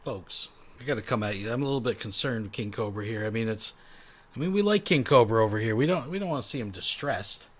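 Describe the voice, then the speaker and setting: A man's voice: mid-range voice, expressive, fast talker. A man hosting a livestream, speaking in a mock-serious, chatty way to his viewers. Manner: mock-serious, repeats "folks". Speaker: livestream host. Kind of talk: casual commentary.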